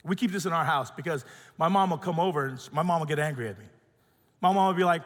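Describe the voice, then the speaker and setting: Husky-voiced pastor man preaching. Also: on the high side, fast, big-room sound. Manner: animated storytelling, acts out quotes, drops to soft tones when emotional. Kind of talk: sermon with personal story.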